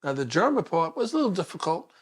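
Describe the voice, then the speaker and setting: His voice high-pitched, fast and husky, a New York City detective in his sixties tells an interviewer about his life. He speaks with a New York accent and animatedly plays the voices of people in his stories.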